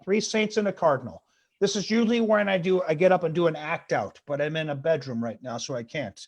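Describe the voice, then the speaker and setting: Comedian with a high voice doing a stand-up set over video call from his bedroom, quick one-liners, begs the room for laughs. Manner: rapid one-liners, pleading with the audience after jokes.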